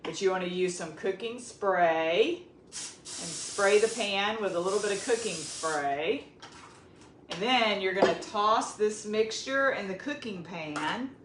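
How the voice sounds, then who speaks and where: A woman with a Southern US accent walks viewers through a home-kitchen recipe in an unhurried, chatty way. Her voice rings in a roomy space with a faint hum of background noise. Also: mid-range voice, lively intonation. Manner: chatty, talks straight to viewers. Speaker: cooking video host. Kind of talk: casual cooking demonstration.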